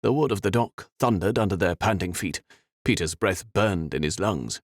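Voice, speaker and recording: A man reading a fantasy audiobook in an expressive, dramatic way. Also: deep voice, moderate pace, husky, dry recording, studio quality. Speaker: audiobook narrator. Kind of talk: scripted fantasy narration.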